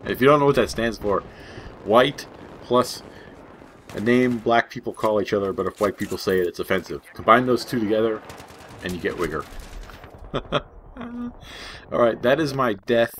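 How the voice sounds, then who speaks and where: Young guy, low voice, chatty gaming host who wanders off topic and chuckles at his own jokes. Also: lively intonation, unhurried, pauses often, fairly bright tone, a little hiss or hum. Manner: rambling and jokey, laughs at his own asides. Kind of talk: casual gameplay commentary.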